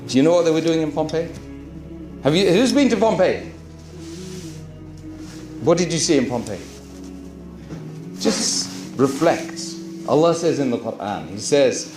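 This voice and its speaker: Guy preaching, fairly high voice, lots of rhetorical questions, echoey room. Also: sing-song, moderate pace, long pauses, darkish tone, soft background music. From Britain. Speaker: Muslim preacher. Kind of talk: storytelling talk to a live audience.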